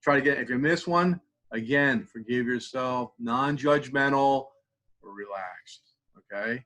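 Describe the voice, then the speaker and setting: Man calmly guiding a tapping exercise. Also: mid-range voice, measured pace, rough recording. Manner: conversational, repeats phrases while demonstrating, drops to quiet murmurs. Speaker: mindfulness instructor.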